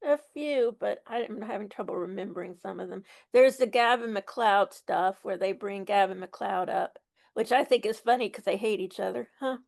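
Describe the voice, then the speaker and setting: A woman's voice: mid-range voice, normal speed, gravelly, a little mellow. A woman in a casual fan chat, chatty and amused, with offhand asides.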